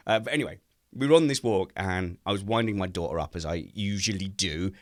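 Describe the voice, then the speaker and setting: A man chatting casually on a home video call, telling animated family stories and jumping into silly high voices when he quotes people. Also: brisk, no echo, studio quality. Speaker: podcast co-host. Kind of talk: casual chat. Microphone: home mic on a video call.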